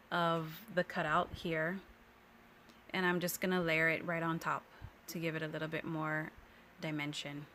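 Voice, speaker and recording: A woman's voice: fairly low pitch, pushed and bright, slight background noise. A woman hosting a card-making tutorial, talking through her steps in a chatty, easygoing voice-over and correcting herself as she goes. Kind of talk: casual crafting voice-over. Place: home craft room.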